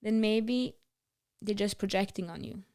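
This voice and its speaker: A woman co-hosting a conversational podcast, with a smooth, clear voice of middling pitch. She speaks frankly and offers practical advice. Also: a little slow, a little mellow. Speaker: podcast co-host.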